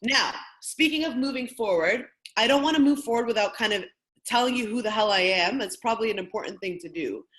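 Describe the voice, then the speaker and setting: Lively woman workshop facilitator. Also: on the high side, a little fast. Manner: lively, candid, conversational, casual swearing. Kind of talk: training session talk with personal storytelling.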